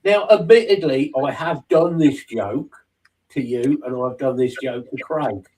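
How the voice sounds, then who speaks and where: A man's voice: medium pitch, a little slow, darkish tone, recorded from a distance, rough recording. A man, co-hosting a casual podcast and trading dry, teasing banter. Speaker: podcast co-host. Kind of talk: casual chat.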